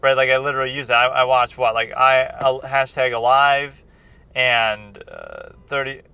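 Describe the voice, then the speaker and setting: A man's voice: mid-range voice, sing-song, normal speed, vocal fry, bright, forceful tone, clean tone, dry recording. A man and film critic chatting in a rambling, casual vlog, often restarting his sentences, recorded on a handheld recorder outdoors. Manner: meandering, many restarts and fillers.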